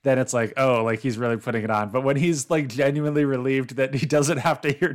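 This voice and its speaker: A man's voice: medium pitch, fairly even intonation, a little fast, hardly any pauses. A man co-hosting a podcast in casual chat, joking and laughing often. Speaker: podcast co-host.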